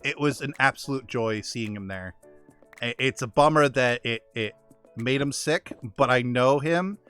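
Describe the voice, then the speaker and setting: A man's voice: mid-range voice, measured pace, a bit bright, clean tone, soft background music. A man streaming a game, chatting casually and praising friends, with frequent restarts. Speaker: gaming streamer. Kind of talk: casual chat.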